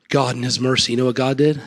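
A male pastor preaches fervently, driving points home through repetition. His voice is bright and husky, somewhat high, and carries a church hall's long reverb. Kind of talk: sermon.

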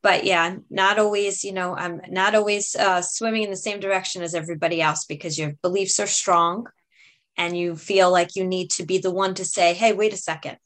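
A woman's voice: on the low side, fairly even intonation, moderate pace, fairly bright tone. A woman hosting an interview podcast, thanking her guest effusively and closing the episode. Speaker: podcast host.

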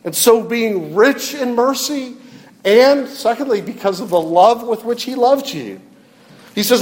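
A man's voice: very high-pitched, expressive, measured pace, a little mellow, big-room sound. A male pastor preaching a sermon emphatically, often repeating his questions and building to fervor.

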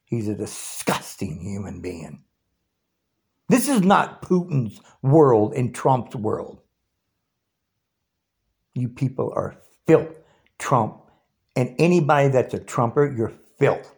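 A man's voice: medium pitch, big pitch swings, takes it slowly, vocal fry, long pauses, a little mellow. A man in his sixties delivering an angry, taunting political rant straight to the camera. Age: 60s. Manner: ranting, taunting, challenging. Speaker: video blogger.

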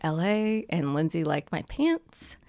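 A woman's voice: sits low, sing-song, slow pace, gravelly, a little mellow, dry recording, clean studio sound. A woman from California, a podcast guest, chatting casually and making self-deprecating jokes. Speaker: guest, business owner. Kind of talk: casual interview chat.

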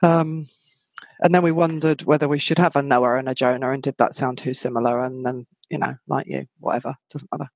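A woman's voice: rumbling low, fairly even intonation, brisk, darkish tone, dry recording. A woman hosting a podcast in casual chat, talking easily with trailing asides. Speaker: podcast host.

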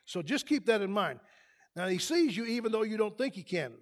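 A man preaching a sermon in a church, building to loud emphatic peaks. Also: high voice, expressive, brisk. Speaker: pastor. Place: church sanctuary.

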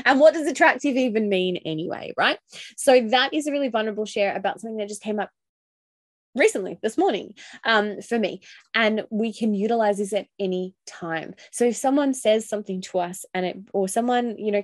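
A woman's voice: mid-range voice, no echo, studio quality. A woman hosting her own podcast alone, talking in a candid, reflective and casual way with the odd swear word. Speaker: podcast host and coach. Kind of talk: solo podcast monologue.

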